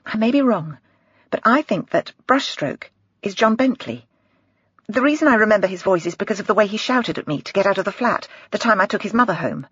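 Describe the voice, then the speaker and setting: A reader giving voice to a young rookie policewoman, hesitant and apologetic, her voice slightly raised and lively. The tone is husky, dry and a little dull, as on a plain home recording. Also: medium pitch, fairly quick, no room sound, voice pushed up. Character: young nervous female probationer detective.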